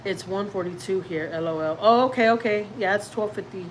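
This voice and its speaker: A woman's voice: mid-range voice, fairly quick, slight background noise, rough recording. Woman, casual livestream chat, rambling, self-teasing, talks to y'all. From Houston, Texas. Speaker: family vlogger hosting a livestream. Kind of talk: casual livestream chat, reading comments aloud. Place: at home.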